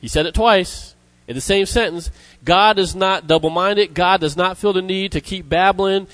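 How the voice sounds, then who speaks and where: A man preaching a sermon, emphatic, repeating key words and reading scripture slowly. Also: a bit bright, no room sound, poor audio. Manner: emphatic, repeats words, rises in pitch for stress; reads scripture slowly in old-fashioned wording.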